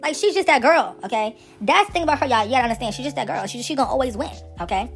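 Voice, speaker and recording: A woman hosting casual celebrity gossip commentary, sassy, slangy and animated. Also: sits high, very fast, gravelly, soft background music.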